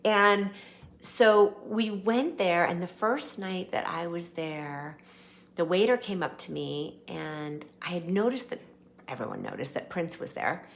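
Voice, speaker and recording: A woman hosting her channel, casually telling viewers an animated, rambling story. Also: lowish voice, vocal fry, slight background noise. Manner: chatty, animated, rambling anecdotes. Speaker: channel host.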